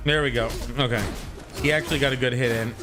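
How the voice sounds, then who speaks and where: A man streaming a video game live, chatting with viewers and bursting into shouts at enemies, laughing often. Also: medium pitch, steady tone, fast. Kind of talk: live gameplay commentary. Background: game music and sound.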